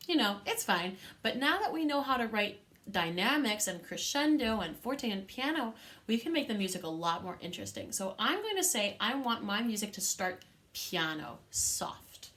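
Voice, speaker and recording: A woman's voice: medium pitch, very animated, normal speed, a bit bright. A woman teaching a music lesson to young children, patient and encouraging, with a sing-song teacher manner.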